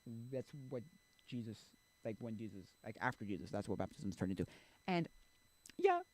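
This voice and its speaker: A man's voice: medium pitch, fast, no echo. A man chatting on a stream in an everyday mid-range voice, thinking aloud about belief. He rambles and restarts his sentences, filling gaps with "like" and "um", and livens up when he acts out what people say. The sound is dry and close, with no room around it. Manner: rambling, self-interrupting, many fillers; animated when acting out quotes. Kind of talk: casual chat about faith.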